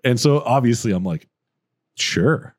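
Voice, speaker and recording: Animated man telling army stories. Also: mid-range voice, a little fast. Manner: animated, profane, laughs through stories. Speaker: podcast co-host. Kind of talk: casual storytelling.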